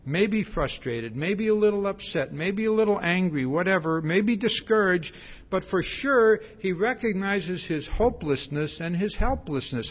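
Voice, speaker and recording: A man preaching in an easy, talking manner. He often repeats words and asks "See?" as he acts out the lines he quotes. His voice is husky and a little high, and the recording sounds dull and lo-fi. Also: animated, measured pace. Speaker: pastor. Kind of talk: conversational sermon.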